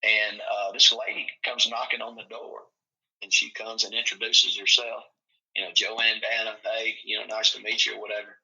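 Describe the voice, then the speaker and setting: Folksy storytelling man, bright lo-fi voice. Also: lowish voice, normal speed. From Tennessee. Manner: folksy, animated storyteller acting out quotes. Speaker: football coach. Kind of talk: casual storytelling chat.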